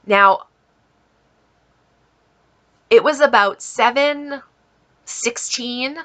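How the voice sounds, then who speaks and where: A woman vlogger telling a story in a lively way, acting out both sides of a conversation with an exasperated edge. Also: mid-range voice. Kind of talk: storytelling vlog.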